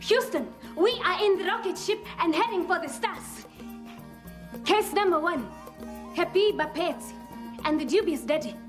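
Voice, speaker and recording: A woman playing a giddy, excitable woman pretending to fly a rocket, with playful squealing exclamations. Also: extremely high pitch, moderate pace, pauses often. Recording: clear music underneath.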